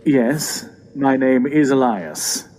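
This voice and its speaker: A man's voice: medium pitch, takes it slowly, darkish tone, slight background noise, lightly acted, low-quality recording. A man voicing a sneering masked villain boss. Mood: haughty. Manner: haughty, mocking.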